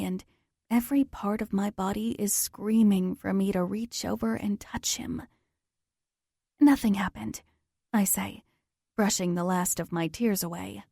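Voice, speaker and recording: A woman's voice: medium pitch, gravelly, warm tone, no echo, clean studio sound. A woman narrating a romance audiobook in the first person, intimate and emotional.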